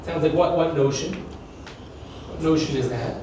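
A man with a fairly high voice leads a Talmud class, firing questions at the room and hammering on key terms. He sounds far from the mic, in a very echoey room with faint noise behind. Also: a little slow. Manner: questioning, emphatic, mixes Hebrew terms. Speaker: teacher.

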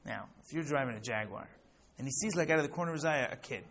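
A man's voice: mid-range voice, quick pace. Chatty male teacher telling a story. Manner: chatty, many fillers and "right?" check-ins, rising when animated. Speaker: Torah teacher. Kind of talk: casual classroom lecture with storytelling.

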